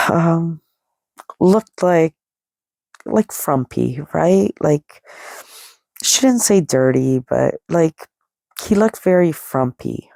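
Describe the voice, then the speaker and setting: A middle-aged woman telling stories on her own podcast in a loose, rambling way, with "like" dropped in everywhere. Her voice has a gravelly, fry-laced edge. The sound is dry and close, with no room around it. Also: low-pitched, animated, drawn-out words, long pauses, a little mellow, dry recording. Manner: rambling and chatty, full of "like" and fillers; laughs lightly at herself. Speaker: podcast host. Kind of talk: casual solo podcast storytelling.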